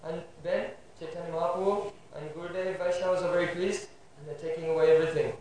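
A man's voice: a little high, fairly even intonation, quick pace, darkish tone, a little hiss or hum. A man teaching a devotional class, often checking in with his listeners with a questioning "hmm?". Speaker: spiritual teacher giving a class. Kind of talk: devotional lecture. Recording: very echoey room, voice far from mic.

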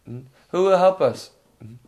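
Man, somewhat high pitch, devotional lecturer, reflective, frequent "hmm?" asides. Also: lively intonation, darkish tone, lo-fi sound. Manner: frequent questioning "hmm?" to listeners; unhurried, reflective storytelling. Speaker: spiritual teacher.

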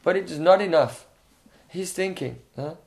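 Man, somewhat high pitch, devotional lecturer, reflective, frequent "hmm?" asides. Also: creaky, a little mellow. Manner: frequent questioning "hmm?" to listeners; unhurried, reflective storytelling. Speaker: spiritual teacher.

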